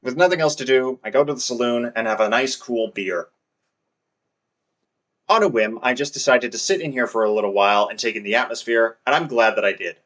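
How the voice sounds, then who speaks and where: A man's voice: mid-range voice, a little fast, a bit bright. A man narrating his farming game session in a scripted, wry and self-deprecating way. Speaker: let's play narrator.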